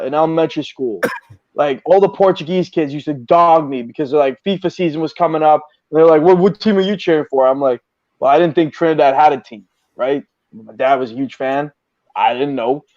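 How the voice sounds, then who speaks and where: A man chatting casually as a podcast host, telling animated stories full of swearing. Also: on the high side, dry recording, lo-fi sound. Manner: profane, animated storyteller. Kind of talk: casual storytelling chat.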